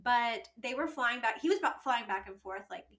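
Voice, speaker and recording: A woman's voice: on the high side, animated, moderate pace, fairly bright tone. A young woman co-hosting a podcast in casual chat, giggly and hedging with fillers. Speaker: podcast co-host.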